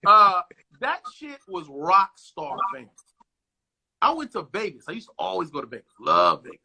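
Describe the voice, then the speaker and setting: A man guest in a casual interview, telling stories in a profane, animated way and acting out what others said, over a phone video call. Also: high-pitched, normal speed, gravelly. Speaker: actor guest.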